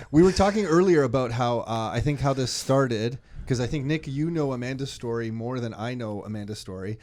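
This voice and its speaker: A man co-hosting a podcast in casual chat, excitable and quick to jump in. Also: mid-range voice, slight background noise. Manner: excitable, animated, jumps in eagerly. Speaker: podcast co-host.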